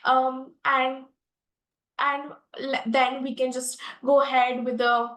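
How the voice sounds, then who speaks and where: A woman's voice: high-pitched, fairly bright tone, echoey room, low-quality recording. A young woman with an Indian English accent teaching a public speaking lesson, earnest and full of fillers and restarts. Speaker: guest expert speaker.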